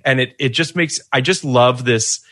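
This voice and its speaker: Bright-voiced man chatting about films. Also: medium pitch, dry recording. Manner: enthusiastic, halting with many restarts. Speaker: podcast co-host. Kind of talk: casual film chat.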